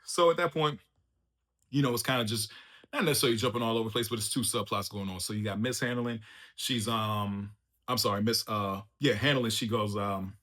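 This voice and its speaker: A man hosting a casual spoiler review of a TV show, excitable and slangy, laughing often as he recaps. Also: lowish voice, brisk. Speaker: TV review channel host.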